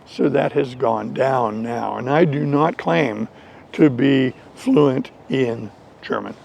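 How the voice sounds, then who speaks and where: An American man telling a story slowly and deliberately in an English lesson for learners. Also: medium pitch, a little hiss or hum. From United States. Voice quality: gravelly. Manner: slow, deliberate, animated storytelling. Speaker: English teacher.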